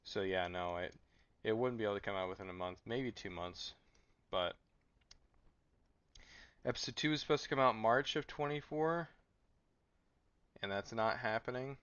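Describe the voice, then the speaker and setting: A man's voice: fairly low pitch, moderate pace, pauses often, fairly bright tone, clean tone, no room sound. A sleep-deprived man streaming late at night, chatting casually and rambling with stammered restarts. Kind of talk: casual live stream chat. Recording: dull lo-fi mic.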